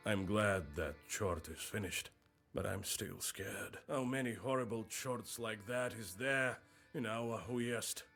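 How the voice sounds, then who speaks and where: A man's voice: lowish voice, slow, gravelly, fairly bright tone, faint music behind, exaggerated voice. An actor playing a shaken, loyal young village man in a video game, speaking earnestly and wearily. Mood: weary. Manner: earnest, weary. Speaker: game character.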